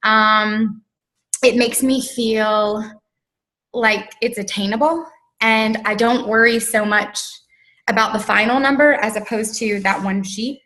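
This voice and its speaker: A woman's voice: a little high, steady tone, slow, pushed and bright, poor audio. A woman telling a personal story as an interview guest, earnest and chatty, with many "um"s and "like"s. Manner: earnest, filler-heavy, with frequent "like" and "um". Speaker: interview guest, network marketer.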